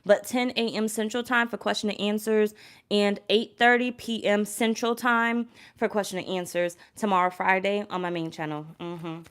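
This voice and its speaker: A woman giving a casual live tarot reading in a voice of ordinary pitch, neither high nor low. She rambles and curses freely, circles back to repeat her points, and breaks off to say hello to viewers in the chat. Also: fairly even intonation, moderate pace, clean tone. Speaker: tarot reader.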